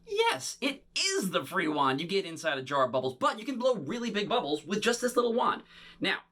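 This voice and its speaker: A man's voice: sits high, fairly quick. A man performing an interactive bubble show for children, talking playfully to an unseen young audience. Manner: animated and showy.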